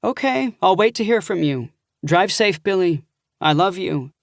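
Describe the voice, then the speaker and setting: A man's voice: high-pitched, unhurried, creaky, dry recording, clean studio sound, voice pushed up, exaggerated voice. A man voicing an affectionate middle-aged aunt thrilled to hear from her nephew. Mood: doting. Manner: excited and doting.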